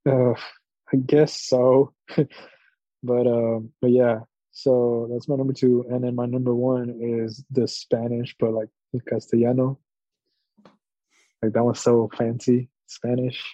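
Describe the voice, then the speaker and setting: A man's voice: medium pitch, little pitch movement, measured pace, warm tone, no echo. A man co-hosting a casual podcast chat, talking hesitantly with many fillers. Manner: hesitant, lots of fillers and trailing off. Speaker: podcast co-host. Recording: dull lo-fi mic.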